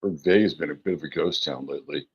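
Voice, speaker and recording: A man hosting an astrology livestream, greeting chat viewers by name in a relaxed, rambling way with many fillers and a gravelly, husky voice. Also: extremely low pitch, fast, lo-fi sound. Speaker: astrology show host.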